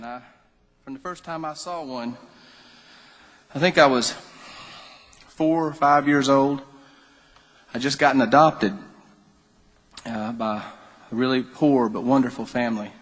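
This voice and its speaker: A man's voice: medium pitch, unhurried, long pauses. Guy on stage spinning folksy jokes, big hall echo. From North Carolina. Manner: folksy, joking storyteller. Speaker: musician on stage. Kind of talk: storytelling between songs. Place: concert venue. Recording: live hall reverb.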